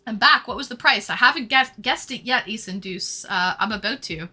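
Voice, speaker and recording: A woman's voice: on the high side, animated, fairly quick, bright, forceful tone, breathy edge, soft background music. A Canadian woman hosting a casual live stream, chatting with viewers, reading out their comments and thanking them.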